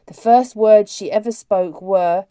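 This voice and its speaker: Woman reading as a tired, snappish teen girl, brisk and curt. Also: mid-range voice, warm tone, smooth, no room sound, clean studio sound, close to an everyday voice. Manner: brisk, unkind. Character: weary, unkind teenage girl.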